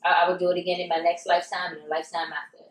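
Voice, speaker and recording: A woman co-hosting a podcast in casual chat, talking candidly and reflectively at an unhurried pace. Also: lowish voice, flat delivery. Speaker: podcast co-host. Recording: roomy sound, mic at a distance.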